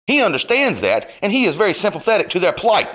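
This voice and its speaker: A man's voice: high voice, wildly swooping pitch, fast talker, a bit bright. A man delivering a profane, confrontational rant to camera, his heat rising and falling. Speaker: online commentator.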